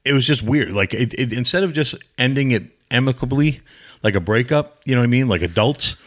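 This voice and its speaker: A former pro wrestler from New England, guesting on a podcast, tells rambling, blunt, profane stories in a casual interview and acts out what other people said. His medium-pitched voice is brisk and fairly bright, with lively intonation.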